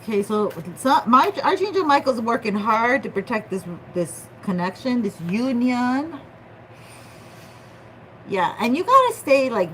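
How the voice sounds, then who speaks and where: Rich: A woman giving a casual tarot reading, playful and full of slang as she jokes with her viewers. She talks in an unhurried, drawn-out way at a middling pitch. A faint hum of ambient noise sits behind her. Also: fairly bright tone, rough recording. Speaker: tarot reader.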